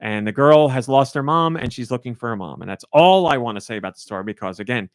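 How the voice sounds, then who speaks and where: A man's voice: medium pitch, lively intonation, fast talker, no echo, clean studio sound. A man co-hosting a podcast and talking about a game he reviewed in casual, rambling chat, full of "like" and restarts. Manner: rambling and effusive, heavy use of "like".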